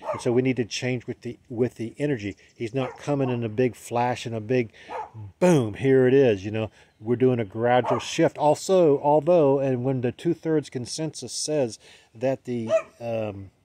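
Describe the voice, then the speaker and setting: A man's voice: mid-range voice, moderate pace, background noise. A man with a Southern US accent giving a casual, rambling spiritual monologue that restarts itself, with a light chuckle now and then. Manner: rambling, self-correcting, chuckling. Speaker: spiritual vlogger.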